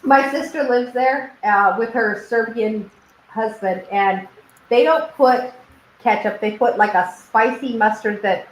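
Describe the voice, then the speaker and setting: A woman hosting a casual livestream chat, telling lively stories with frequent laughter and swearing. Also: a little high, unhurried, echoey room, a little hiss or hum, rough recording. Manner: animated storyteller, swears and laughs often. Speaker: host.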